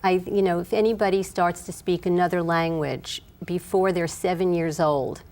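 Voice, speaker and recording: A woman who grew up speaking Yiddish, from Brooklyn, a dialect coach calmly explaining her work in an interview. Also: lowish voice. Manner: measured, explanatory. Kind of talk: interview answers.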